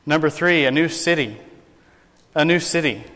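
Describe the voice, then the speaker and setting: A man's voice: a little high, normal speed, fairly bright tone, long reverb tail. A man preaching a sermon to a congregation, folksy and joking, telling jokes as he goes. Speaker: pastor. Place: church sanctuary.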